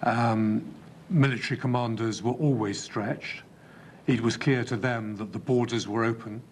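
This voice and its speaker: A man testifies before an inquiry panel in a slow, careful, deliberate way. He pauses often to weigh his words, and his voice sits in a mid range. A faint hiss of noise runs under the recording. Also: medium pitch, steady tone. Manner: measured, deliberate, with frequent hesitations. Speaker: inquiry witness. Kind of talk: formal testimony.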